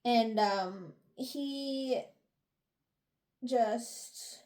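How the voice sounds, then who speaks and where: Speaking extremely slowly, a young woman with a fairly high pitch and darkish tone co-hosts a book review podcast. The chat is a casual recap where she retells chapters, plays out the characters' lines, and laughs a lot.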